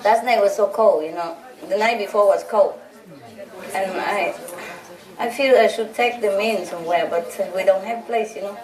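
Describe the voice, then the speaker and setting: With some chatter and audience laughter behind her, a woman teaches her followers informally, teasing them and laughing often. She has a medium-pitched, darkish voice and a moderate pace, recorded on a distant mic in a roomy hall.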